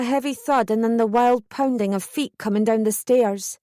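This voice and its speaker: A woman reading a first-person audiobook in measured, steady scripted narration. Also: fairly high pitch, no room sound, studio quality.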